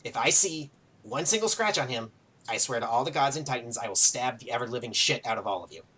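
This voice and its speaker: A man voicing a gruff, fiercely protective male fighter who talks bluntly and swears threats. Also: mid-range voice, expressive, fast, background noise, close to an everyday voice. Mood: urgent, protective.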